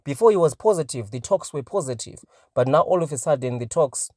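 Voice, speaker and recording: A man's voice: fairly high pitch, lively intonation, fairly quick, a little mellow, dry recording, studio quality. A man commenting on crypto investing in a casual vlog, talking emphatically and ending many phrases with "right?". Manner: emphatic, peppers talk with "right?".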